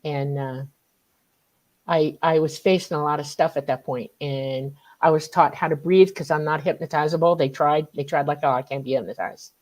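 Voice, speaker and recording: Animated woman telling a story. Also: normal speed. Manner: excitable, acts out quotes with big pitch jumps. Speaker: guest recounting an experience.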